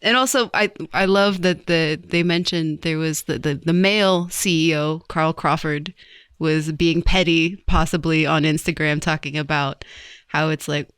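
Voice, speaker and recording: A co-host of a pop music news podcast who brings up each headline and talks it over, often stopping and restarting mid-sentence. The voice sits at a middle pitch. The sound is dry and close. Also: steady tone, fairly bright tone, clear, resonant tone, no room sound. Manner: halting, many restarts. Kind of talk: casual chat.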